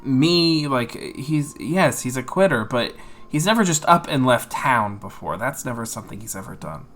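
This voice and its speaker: A man narrating as game master in a tabletop game, halting with many fillers. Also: mid-range voice, animated, fairly bright tone, a little hiss or hum.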